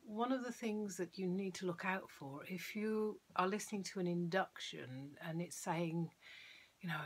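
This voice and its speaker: A woman hypnotherapist explaining her craft in a soft, often half-whispered voice, shaping her tone with falling inflections. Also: on the low side, slightly rough. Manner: plays with tone and downward inflections. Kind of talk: explanatory talk.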